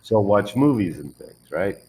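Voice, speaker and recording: Patient low-voiced male pronunciation teacher. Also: sing-song, normal speed, a little mellow, poor audio. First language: English. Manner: patient, models words and corrects drills. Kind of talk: one-on-one pronunciation lesson.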